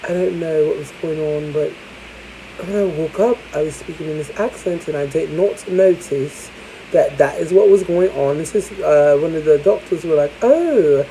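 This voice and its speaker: Candid chatty vlogger with a mellow tone. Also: medium pitch, normal speed, creaky, slight background noise, low-quality recording. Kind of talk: casual storytelling vlog.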